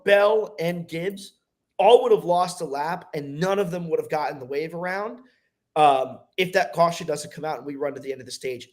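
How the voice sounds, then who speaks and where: A man co-hosting a casual racing talk show, giving emphatic, animated opinions. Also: a little high. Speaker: co-host. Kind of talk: casual racing podcast chat.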